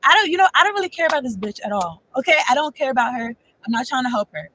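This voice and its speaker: Woman tarot reader, high voice, rambling casual monologue, frequent profanity, laughs often. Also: lively intonation, fast, bright, forceful tone, a little hiss or hum, low-quality recording.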